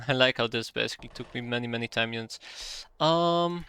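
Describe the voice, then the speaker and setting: Exasperated male game streamer, bright crisp voice. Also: mid-range voice, a little fast. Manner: exasperated, sarcastic running commentary with muttered math. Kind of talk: live gameplay commentary.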